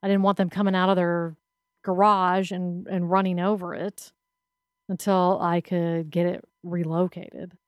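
A woman's voice: fairly low pitch, flat delivery, a little slow, no room sound. A woman co-hosting a podcast, telling a story in a plain-spoken, earnest way in casual chat. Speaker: podcast co-host.

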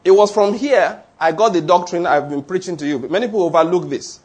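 Guy preaching, fairly high voice, kinda husky, keeps asking the congregation questions. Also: a little mellow. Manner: conversational, asks the congregation questions; reads scripture slowly and deliberately. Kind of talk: sermon with Bible reading.

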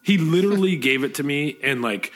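A man who makes spirits, chatting casually on a podcast and telling animated stories with plenty of swearing. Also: on the high side, a little fast. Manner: animated storyteller, swears freely. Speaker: spirits producer and podcast co-host.

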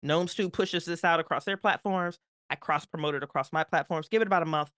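A woman guest on a podcast, telling a story in an animated, emphatic way with playful asides. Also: low-pitched, a little fast, no echo, studio quality.

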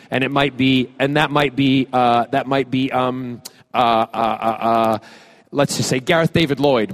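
Playful man joking through audience questions. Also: medium pitch. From Scotland. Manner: playful and joking, with halting fillers and restarts. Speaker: celebrity guest at a fan panel. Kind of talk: casual audience Q&A.

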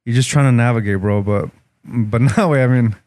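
A man with a mid-range, darkish voice talks at a normal speed, recorded in studio quality with no room sound. He tells stories in a casual, profane, laid-back way, slipping into Spanish now and then.

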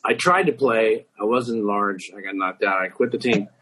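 A man's voice: fairly low pitch, normal speed, a bit bright, husky, poor audio. A man of thirty-nine telling funny, self-mocking stories from his youth in casual chat, swearing freely. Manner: profane, self-mocking storyteller.

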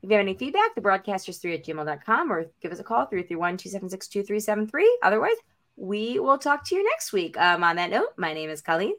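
A woman hosting a casual podcast, upbeat and quick to laugh as she wraps up the episode. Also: medium pitch, sing-song, a bit bright. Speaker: podcast host.

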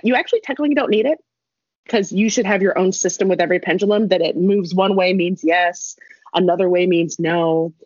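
Her voice on the low side, husky and a little breathy, a young woman casually rambles through a long story with asides and quick laughs. The lo-fi audio has no echo and sounds dry and slightly muffled.

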